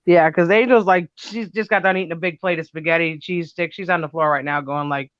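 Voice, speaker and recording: A middle-aged woman with a loud, brash voice, chatting casually on a livestream, laughing and cussing freely. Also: lowish voice, unhurried, pauses often, no room sound, muffled recording. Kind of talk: casual chat.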